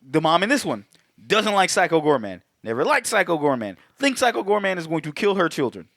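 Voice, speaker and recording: A man co-hosting a podcast, recapping a movie in casual, profane chat, laughing and acting out characters in quick bits. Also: on the high side, very animated, a bit bright, no room sound, studio quality. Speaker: podcast co-host.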